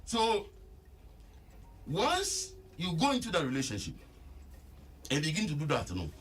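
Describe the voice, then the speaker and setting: A Ghanaian man giving relationship counsel on radio, slow and emphatic, repeating points to stress them. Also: a little high, huge pitch swings, fairly bright tone, husky. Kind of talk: radio advice talk.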